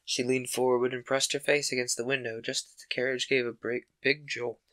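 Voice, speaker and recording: A man host reading a classic children's book aloud in a calm, steady narration. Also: mid-range voice, brisk. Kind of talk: audiobook-style narration.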